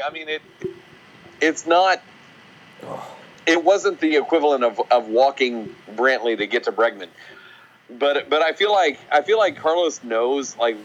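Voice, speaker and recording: A man's voice: medium pitch, muffled recording. A man co-hosting a casual podcast, ranting in a sarcastic, opinionated way. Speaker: podcast co-host.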